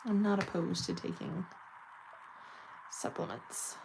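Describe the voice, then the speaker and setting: A woman's voice: on the low side, fairly even intonation, slow pace, vocal fry, background noise. A woman chatting casually and giggling while doing her nails on camera. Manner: chatty, giggly, self-mocking. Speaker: nail vlogger.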